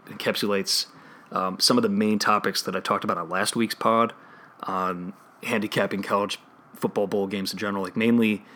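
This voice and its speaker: A man with a Chicago accent hosting a solo sports betting podcast, talking through analysis and often restarting his phrases. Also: on the low side. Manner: analytical, restarts phrases, trails off quietly at ends.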